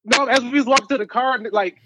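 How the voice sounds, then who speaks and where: A man's voice: extremely high pitch, steady tone, fast, sharp tone, dry recording. A man guesting on a podcast, telling a rambling party story in casual chat. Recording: dull lo-fi sound.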